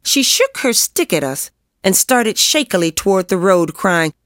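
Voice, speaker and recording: A woman reading a first-person story aloud with a lively, expressive delivery. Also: mid-range voice, measured pace, no echo, studio quality. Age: adult. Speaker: narrator.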